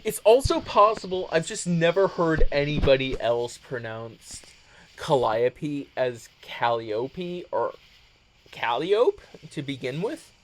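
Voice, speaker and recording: An American male vlogger talks casually in a hesitant, rambling monologue full of "um"s and swearing. His voice is on the high side and animated, and he speaks unhurriedly over slight background noise.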